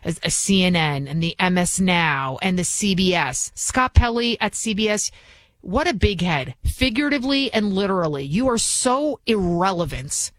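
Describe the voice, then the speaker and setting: A woman's voice: on the low side, animated, moderate pace, no room sound. A woman filling in as a talk radio host, delivering a combative, scornful monologue full of restarts and asides.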